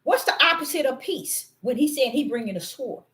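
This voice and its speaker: High, lively woman preaching on a livestream. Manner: preaching with sudden bursts, exclaims and drawn-out scripture reading. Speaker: preacher teaching scripture on a livestream. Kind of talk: livestream sermon.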